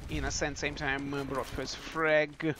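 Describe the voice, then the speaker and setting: A man giving live play-by-play commentary on a competitive shooter match. He is excitable and joking, repeats his phrases, and breaks into shouts at big plays. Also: on the high side, unhurried, noisy background. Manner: repeats phrases, fillers, non-native English phrasing. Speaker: esports commentator.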